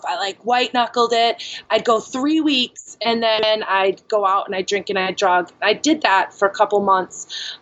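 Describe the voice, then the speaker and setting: A woman's voice: medium pitch, dull audio. A woman speaking as a podcast guest, telling her own story candidly and frankly, filling her speech with "like" and "you know.".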